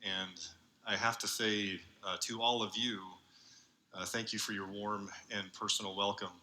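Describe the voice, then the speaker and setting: A man giving an earnest conference talk as a university researcher, speaking haltingly with many fillers. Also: fairly low pitch, level tone, pushed and bright, rough recording. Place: large convention hall.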